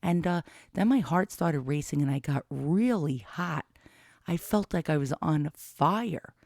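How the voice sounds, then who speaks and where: A woman's voice: low voice, lively intonation, unhurried, a little mellow, no room sound. A woman in her fifties telling a personal story in a candid, rambling way, with blunt swearing, into a studio mic with a pop filter. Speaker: vlogger.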